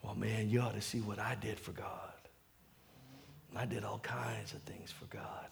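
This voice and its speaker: A man voicing a boastful young man who brags in a low mutter. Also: animated, moderate pace, darkish tone, close to an everyday voice. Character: boastful young man, eager then let down.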